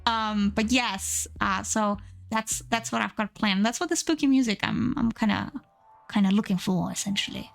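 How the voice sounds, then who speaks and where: A woman's voice: medium pitch, normal speed, creaky, soft background music. A woman streamer chatting casually and rambling with plenty of fillers while she draws on a live art stream. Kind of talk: casual chat while drawing.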